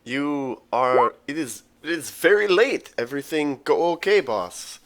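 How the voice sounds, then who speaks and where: A man's voice: a little high, animated, a little slow, fairly bright tone. A game master voicing a friendly Russian man at home base, with broken English and a put-on Russian accent. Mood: eager.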